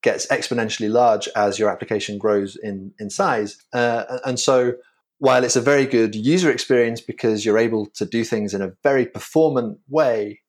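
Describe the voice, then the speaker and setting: A man with a Yorkshire English accent talks through a technical idea on a podcast. He explains carefully, pausing and restarting now and then, at an ordinary middle pitch. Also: steady tone. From England. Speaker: guest, framework creator.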